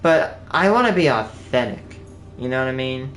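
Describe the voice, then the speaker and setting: A man's voice: medium pitch, lively intonation, normal speed, fairly bright tone, soft background music. A young man streaming a game live, chatting to viewers in a casual, earnest, rambling way. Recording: echoey room with faint background hum.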